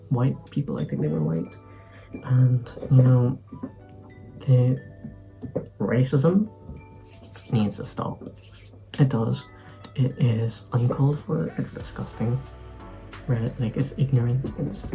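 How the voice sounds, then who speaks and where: A man's voice: medium pitch, low-quality recording. A young man from Ireland, rambling loosely through an unscripted vlog talk with sarcastic asides. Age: young adult. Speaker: YouTuber.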